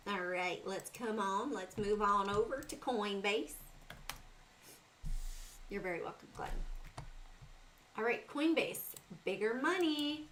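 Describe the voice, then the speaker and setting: A woman's voice: medium pitch, animated, slow, pauses often, fairly bright tone, a little hiss or hum. A middle-aged woman with a Southern US accent hosting a casual trading livestream, talking through charts and greeting chat viewers by name.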